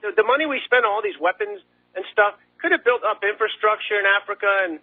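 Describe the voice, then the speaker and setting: Rambling male caller with a high voice on a thin, phone-quality line. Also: quick pace. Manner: rambling, stammering, repeats words. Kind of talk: phone-in talk.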